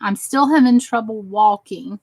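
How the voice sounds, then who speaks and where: An exhausted woman chats casually while making crafts for her channel, rambling and talking to herself as she works. Her medium-pitched voice has a darkish tone and a measured pace, and the audio quality is poor.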